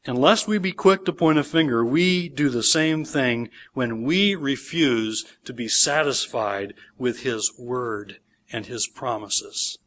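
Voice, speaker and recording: A man's voice: medium pitch, slow pace, a bit bright. A man, a pastor, preaching a sermon in church, reading scripture aloud with emphasis and explaining it verse by verse.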